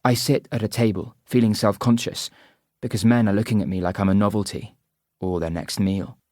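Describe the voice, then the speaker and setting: A man reading a first-person audiobook narration in an even, measured way. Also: fairly low pitch, dry recording, studio quality.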